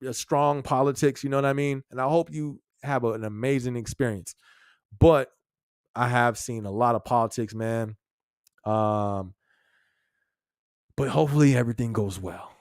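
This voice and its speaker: Male podcast host, casual and slangy, mid-pitched voice, dry close recording. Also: dry recording. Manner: laid-back, chuckles often, slangy. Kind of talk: casual live-stream chat.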